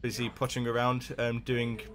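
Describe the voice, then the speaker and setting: A man's voice: medium pitch, monotone, fairly bright tone. A man, narrating a tabletop game as game master in an easygoing, chuckling way. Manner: easygoing, laughs often, unhurried scene-setting.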